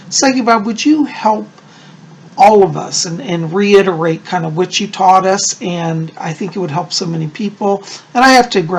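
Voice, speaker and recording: A man, a psychic and Wiccan high priest, chatting casually to his viewers in a gushing, rambling way. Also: vocal fry, slight background noise. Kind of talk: casual chat to camera.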